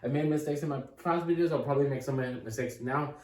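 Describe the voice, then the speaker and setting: Casual male tutor, upbeat and encouraging, a bit high, recorded from across an echoey room. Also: fast, a little mellow. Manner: upbeat, encouraging, thinks aloud with restarts. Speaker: math tutor. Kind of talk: casual whiteboard math lesson. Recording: echoey room, mic at a distance.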